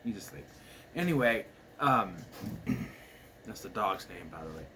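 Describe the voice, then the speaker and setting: A man's voice: sits low, animated, unhurried, noisy background. A man casually recapping a horror movie at home, rambling with lots of fillers and restarts. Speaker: movie reviewer. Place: home with his dog asleep nearby.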